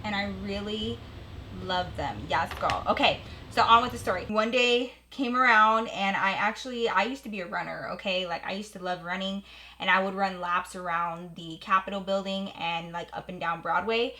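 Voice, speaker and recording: A woman beauty vlogger telling a story while doing her makeup at home, in an animated, profane, slangy way. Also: medium pitch, normal speed. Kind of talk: get-ready-with-me storytime.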